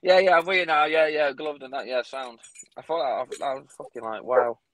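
A man's voice: on the high side, fairly even intonation, fairly quick, fairly bright tone, a little hiss or hum, poor audio. A man who fights, in a casual chat, blunt and swearing often with frequent laughs.

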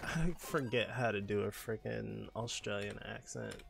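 A man's voice: medium pitch, normal speed, gravelly, soft background music. A man streaming a game, chatting and telling rambling stories in a playful, campy way. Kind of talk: casual game-stream chat.

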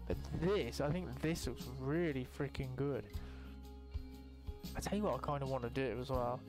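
A young man giving casual, excitable gameplay commentary, swearing now and then and jumping into high exclamations. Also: moderate pace, over music. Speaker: gaming youtuber.

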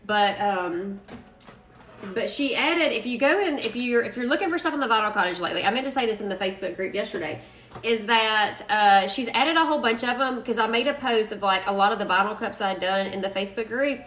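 Bright-voiced Southern woman chatting live. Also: medium pitch, brisk, echoey room. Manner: chatty, greets viewers, says y'all a lot. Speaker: craft live streamer. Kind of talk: casual live stream chat.

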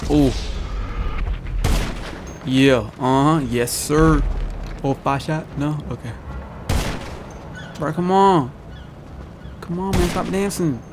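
Gunfire and explosions from the game fill this noisy clip as a young man with a slightly high voice narrates his play slowly, pausing often. The gaming YouTuber keeps trash-talking, repeating the same taunts at his opponents.

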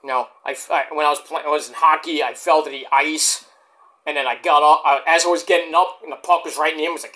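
A man's voice: on the high side, fairly even intonation, fast talker, bright, forceful tone. A man hosting a wrestling vlog, rambling casually to camera with profanity and self-deprecating asides. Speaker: wrestling vlogger.

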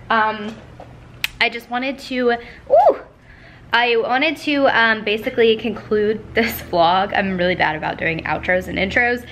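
A young woman talks casually to her camera at home, chatty and a touch breathless. Her voice sits a little high. Faint background noise runs under the recording. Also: pushed and bright. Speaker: vlogger. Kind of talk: casual vlog talk to camera. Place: at home indoors.

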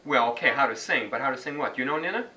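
In a classroom lesson on how to read chant notes, a man with a medium-pitched, expressive, sharp-toned voice races along, calling on students by name to quiz them and singing brief examples. The mic is distant, and faint background noise can be heard.

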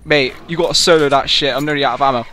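A young man commenting on his own gameplay, excitable and swearing loudly whenever things go wrong. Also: mid-range voice, racing. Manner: excitable, yelling and swearing at the game. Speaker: gamer. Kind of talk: let's play commentary.

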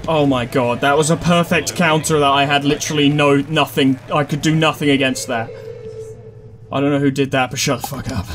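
A man's voice: fairly high pitch, fairly even intonation, brisk, a bit bright. A man giving let's-play commentary, frustrated and swearing as he talks to himself. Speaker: gaming YouTuber. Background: game music.

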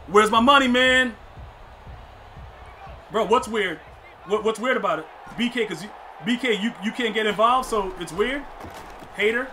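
A man's voice: high voice, moderate pace, sharp tone, slight background noise. A young man streaming a football video game, rambling in casual commentary, laughing a lot and repeating catchphrases. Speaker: gaming streamer. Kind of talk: casual live gameplay commentary.

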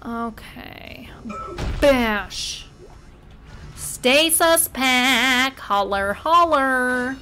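Woman gamer for a let's-play, higher voice, slow unhurried delivery, cusses and cracks wry jokes, faint music underneath. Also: sharp tone. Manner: profane, jumpy outbursts and wry asides. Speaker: gamer playing a horror game. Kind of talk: casual let's-play commentary.

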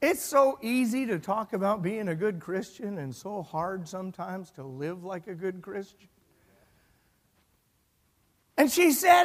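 High-voiced storytelling preacher. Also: male voice, unhurried. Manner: storytelling, animated, swings between loud and hushed. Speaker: pastor. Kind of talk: sermon. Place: church sanctuary. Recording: long hall reverb.

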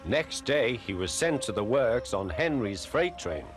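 A man's voice: mid-range voice, a little slow. Man narrating a storybook tale. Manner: gentle, lively storytelling. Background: background music.

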